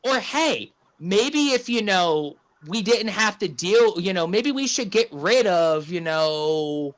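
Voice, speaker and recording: A man with a high, light voice rants his way through a casual podcast chat. He swears freely and fires off one rhetorical question after another, talking over his co-hosts into a remote podcast mic. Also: expressive, slow, a bit bright. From Arizona. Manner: profane, ranting, rhetorical questions. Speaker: podcast co-host.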